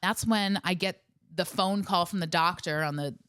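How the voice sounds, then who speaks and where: A woman's voice: lowish voice, moderate pace, fairly bright tone, clear, resonant tone, dry recording, clean studio sound. A woman co-hosting a podcast, recounting a hard story step by step in an earnest, conversational way. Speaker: podcast co-host. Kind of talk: casual storytelling chat.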